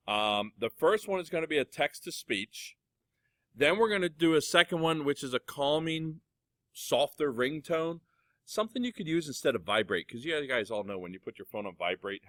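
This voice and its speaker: A middle-aged male music teacher walking students through software in a casual, chatty way. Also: medium pitch, dry recording. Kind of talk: classroom software tutorial. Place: computer lab classroom.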